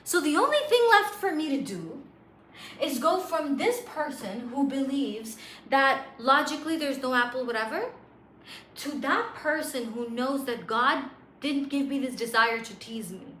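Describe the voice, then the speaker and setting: Bright-voiced woman telling a faith story. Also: on the high side. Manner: casual, slangy, animated storyteller. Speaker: spiritual coach. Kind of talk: motivational faith talk. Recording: roomy echo, faint hiss.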